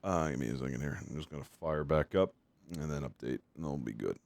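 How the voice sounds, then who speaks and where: A man with a very low voice chats casually with his stream viewers. He rambles and swears freely. His voice sounds dry and close, with no room around it. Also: brisk, creaky, a little mellow, dry recording. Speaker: game streamer.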